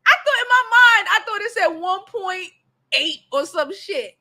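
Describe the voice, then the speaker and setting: High, bright, excitable woman host. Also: measured pace. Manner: excitable, laughing, swearing freely. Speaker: livestream host. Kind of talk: casual livestream chat.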